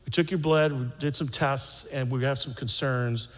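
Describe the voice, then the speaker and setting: A man quoting a calm, matter-of-fact male hospital doctor in a lower, quieter voice. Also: normal speed, long reverb tail, soft background music, close to an everyday voice.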